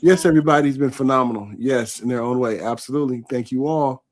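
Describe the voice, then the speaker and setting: A man hosts a live online interview in an easy, chatty manner. His voice sits at an ordinary middle pitch, and he keeps breaking off to read comments from viewers aloud. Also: fast talker. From California. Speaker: host.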